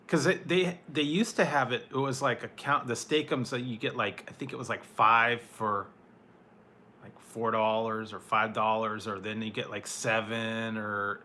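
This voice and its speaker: Fields: Sex: man. Role: food reviewer answering chat. Style: casual rambling live-stream talk. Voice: bright, forward. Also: lowish voice, steady tone, measured pace, a little hiss or hum. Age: adult, once married. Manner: rambling, with fillers and laughs.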